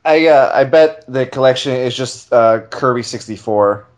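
A man on a casual podcast panel, offering halting, deadpan remarks. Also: mid-range voice. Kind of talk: casual chat.

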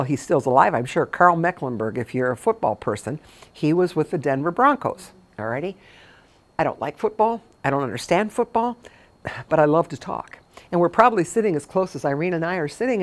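A low-pitched middle-aged woman speaking to a room of caregivers. She is a memory care consultant who tells stories in a chatty, informal way and leans on emphatic repetitions.

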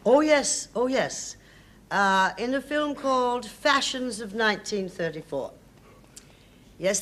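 A woman's voice: medium pitch, a bit bright. Older american woman in an interview, emphatic, dry wit, faint hiss behind. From United States. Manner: emphatic, hesitant restarts, sardonic. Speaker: interview guest. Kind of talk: reminiscing interview.

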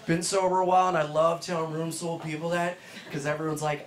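A young man doing a stand-up warm-up set on a club stage, brash and teasing the crowd, with loud punchlines. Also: high voice, expressive, quick pace. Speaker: stand-up comedian warming up the crowd. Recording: noisy live club recording. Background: audience laughter.

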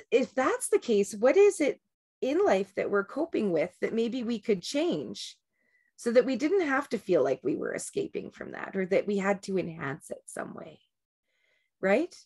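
A woman's voice: a little high, darkish tone. A woman giving a casual, rambling talk on breaking habits before a group meditation, often restarting and checking in with "right?".

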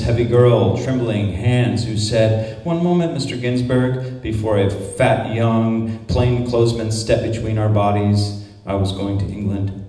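A man's voice: medium pitch, a little mellow. Man declaiming poetry in an echoey hall. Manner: declamatory, incantatory recitation with repeated refrains. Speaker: poet reading at a conference. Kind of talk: poetry reading. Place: conference hall. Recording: echoey hall, mic at a distance.

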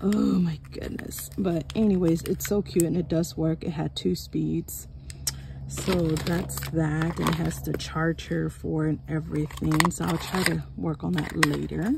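A woman chatting through an unboxing haul at home, excitable and chatty, gasping and exclaiming over each item. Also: deep voice, measured pace, vocal fry, noisy background. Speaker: haul vlogger. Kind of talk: casual unboxing chat. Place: home room.

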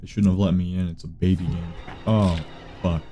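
A man's voice: low voice, little pitch movement, moderate pace, warm tone, soft background music. A man streaming an online game, muttering sarcastic asides and swearing casually. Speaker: streamer playing a social deduction game. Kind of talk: casual gaming chat.

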